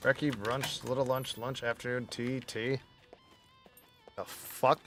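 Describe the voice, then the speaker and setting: A young male streamer talks through a survival game in loose, profane chatter, joking with viewers. His voice sits at an ordinary middle pitch, and soft music plays faintly underneath. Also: level tone, normal speed. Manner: loose, profane, jokey, often laughing. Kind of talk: casual live-stream gaming chat.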